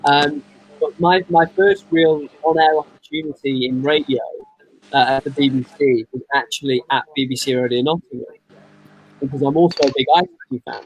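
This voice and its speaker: A man who works in radio answers fan questions in a chatty, easygoing manner. His voice sits at a middle pitch and he often pokes fun at himself. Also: moderate pace, slight background noise, low-quality recording. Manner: chatty, friendly, self-deprecating. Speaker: radio presenter and commentator. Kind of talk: relaxed interview answers.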